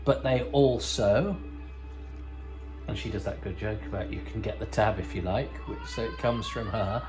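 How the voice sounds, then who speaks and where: Soft music plays behind a male podcast host whose lowish, somewhat mellow voice moves at a normal speed. He offers loose, rambling commentary on a TV episode with wry remarks and many self-corrections, and the audio is low quality.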